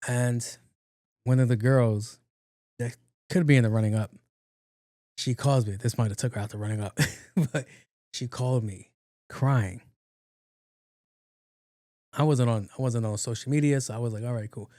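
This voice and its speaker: A man's voice: mid-range voice, steady tone, moderate pace, pauses often, dark tone, dry recording, clean studio sound. A man hosting a solo podcast, telling stories casually in slangy talk full of swearing and acted-out quotes. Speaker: podcast host.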